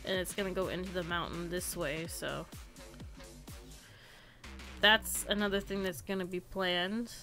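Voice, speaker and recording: A woman's voice: on the low side, fairly even intonation, unhurried, long pauses, bright, forceful tone, soft background music. A young woman live-streaming a building game, chatting casually and giggling often.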